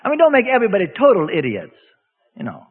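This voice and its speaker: A man's voice: high voice, huge pitch swings, fast talker, slightly rough. A man preaching a sermon as a pastor, emphatic and folksy, arguing his point with his listeners. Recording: tinny radio broadcast with long hall reverb.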